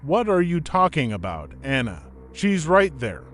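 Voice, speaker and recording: A man's voice: a little high, huge pitch swings, measured pace, a bit bright, slight background noise, exaggerated voice. A man reading the lines of a middle-aged mother who is in denial, speaking in an insistent, defensive way.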